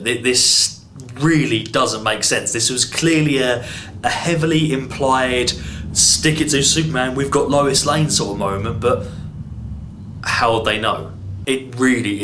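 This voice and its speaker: A man's voice: on the low side, a bit bright, roomy sound, a little hiss or hum. An English man reviewing a film in an exasperated, sarcastic rant, swearing freely. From England. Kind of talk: ranting movie review.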